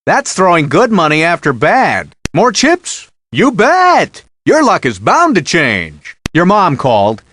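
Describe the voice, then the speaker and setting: A man's voice: high-pitched, wildly swooping pitch, slow, few pauses, a bit bright, no room sound, clean studio sound, full character voice. An actor playing a sarcastic male blackjack dealer in a video game, teasing the player with one-liners.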